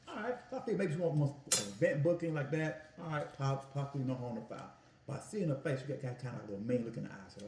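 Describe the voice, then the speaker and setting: A man in his home kitchen, telling stories about his Italian ice business in an animated, folksy way while he cooks. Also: medium pitch, racing, reverberant, a little hiss or hum. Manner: animated, folksy storytelling with "y'all" and "family". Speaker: food vlogger and Italian ice vendor. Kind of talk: casual storytelling while cooking.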